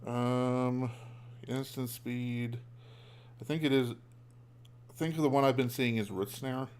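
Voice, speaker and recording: A man giving casual commentary while playing a card game, thinking aloud with a hesitant, halting manner and frequent ums. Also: medium pitch, fairly even intonation, darkish tone, slight background noise. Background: background music.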